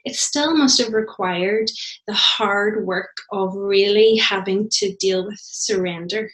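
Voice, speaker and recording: Woman hosting an interview; mid-pitched, gentle and thoughtful, in a roomy space. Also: slow. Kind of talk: casual interview. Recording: roomy echo.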